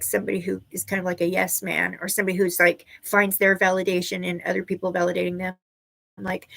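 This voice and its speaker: A woman's voice: medium pitch, a bit bright. A woman teaching a live online tarot class and giving intuitive readings to viewers, talking loosely and searching for her words, with frequent "right?" asides.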